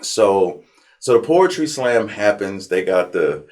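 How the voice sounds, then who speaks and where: A man from Compton, telling his life story in a relaxed, slangy interview. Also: lowish voice, slow. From Compton, California. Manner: animated storyteller, slangy, acts out his past self. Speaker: interview guest.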